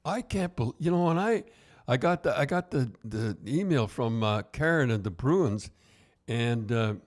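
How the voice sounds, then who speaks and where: A man's voice: medium pitch, animated, unhurried. An older man, a podcast host and retired hockey coach, telling casual stories in a rambling way with many restarts. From Canada. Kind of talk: casual storytelling.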